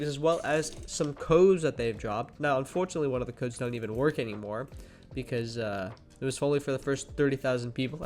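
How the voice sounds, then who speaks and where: A young man talks through a driving game in a loose, rambling way, stumbling and restarting his sentences. He sounds a bit sleepy, his voice sits in an ordinary middle pitch, and faint game music plays behind him. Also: darkish tone. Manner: rambling, chatty, many fillers and restarts. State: sleepy, yawning. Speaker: gaming channel host. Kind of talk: casual gameplay commentary.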